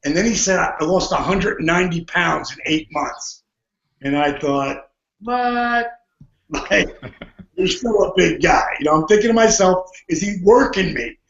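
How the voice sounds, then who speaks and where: A man's voice: on the high side, moderate pace, gravelly, fairly bright tone. A man guest on a podcast, telling a story with lots of energy, often laughing and acting out what people said. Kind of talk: animated storytelling. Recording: muffled, roomy audio.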